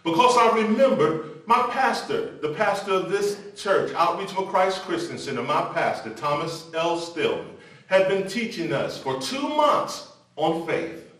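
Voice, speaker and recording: एक बुज़ुर्ग पुरुष उपदेशक, ऊँची-सी आवाज़ में जोशीला प्रवचन देते हुए, माइक से दूर, बहुत गूँजदार कमरे में।. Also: male voice, sits high, big pitch swings, a little slow. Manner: impassioned preaching, then a quieter personal testimony. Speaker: preacher. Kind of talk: televised sermon. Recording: echoey room from a distance.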